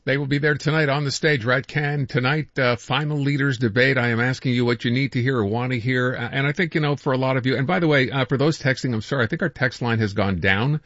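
A man hosting a call-in radio show, brisk and conversational as he moves between callers. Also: mid-range voice, a bit bright, dry recording, muffled recording. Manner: brisk, conversational, takes calls quickly.

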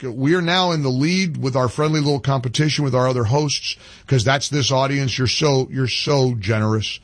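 An older man hosting a radio talk show, ranting with rising passion and repeating himself. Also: dry recording. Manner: impassioned, climbs high when ranting, repeats phrases.

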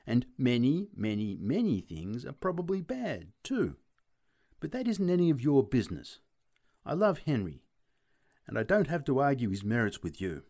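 A man voicing a proud, sharp-tongued young woman. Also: mid-range voice, huge pitch swings, moderate pace, pitched above the performer's own voice. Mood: indignant. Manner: indignant, raised voice.

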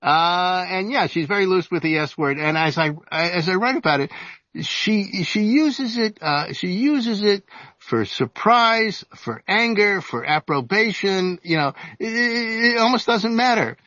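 A man in his seventies, an author and journalist giving an interview, telling stories in a halting way full of fillers and restarts. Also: high-pitched, animated, pushed and bright, no room sound, lo-fi sound. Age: 70s. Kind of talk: casual storytelling interview.

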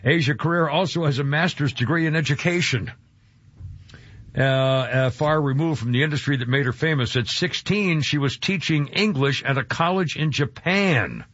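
A man's voice: fairly high pitch, fairly bright tone, slightly rough, dry recording. A male radio host talks through news items in a loose, rambling way, stumbling over words and filling the gaps with "uh". His voice sounds dry and close. The sound is slightly dull. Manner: rambling, stumbles with many fillers. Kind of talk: casual talk radio chat. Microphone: studio mic.

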